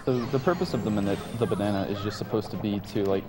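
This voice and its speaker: A man casually commenting on his own speedrun while playing, relaxed and chatty. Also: lowish voice, fast, big-room sound. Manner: relaxed, chatty, laughs often.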